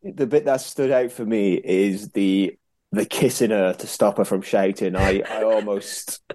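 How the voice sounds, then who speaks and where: Relaxed wry man co-hosting. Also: fairly low pitch, unhurried. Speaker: podcast co-host. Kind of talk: casual chat.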